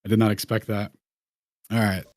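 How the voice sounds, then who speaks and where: A man hosts a round table, talking loosely over his slides and often restarting phrases. His voice is mellow and relaxed, and the recording is dry and close. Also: lowish voice, moderate pace, no echo. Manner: rambling, slangy, restarts mid-phrase. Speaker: host. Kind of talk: casual presenting over slides.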